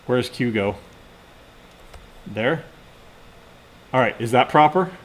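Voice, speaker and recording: A man's voice: mid-range voice, animated, takes it slowly, a little hiss or hum. A man teaching a class, talking through live coding and muttering to himself as he types. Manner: casual, mutters to himself while typing. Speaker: instructor.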